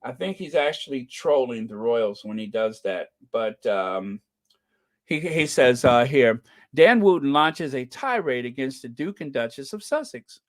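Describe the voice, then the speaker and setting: A man hosting a casual livestream, chatting about news in a sarcastic, gossipy, animated way and laughing often. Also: mid-range voice, measured pace. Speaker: livestream host.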